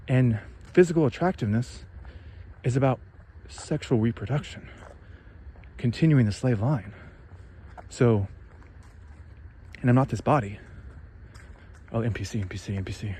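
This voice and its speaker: A spiritual vlogger with a warm, husky, mid-range voice delivers a heated, profane rant at a moderate pace broken by long pauses. He swears freely, stays sarcastic and emphatic, and mocks others by putting on voices.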